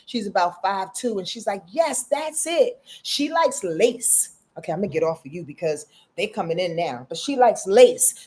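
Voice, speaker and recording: A woman's voice: fairly high pitch, darkish tone. A woman astrologer doing live-stream readings, frank and affectionate, calling her viewers honey and baby and swearing freely. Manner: frank, affectionate, profane, chatty.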